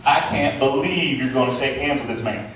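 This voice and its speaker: A man's voice: mid-range voice, normal speed, a bit bright, slight background noise, pitched below the performer's own voice, lightly acted. A man voicing his cantankerous old grandmother, stern and disapproving, in a told story. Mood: scolding. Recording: echoey hall, mic from far off.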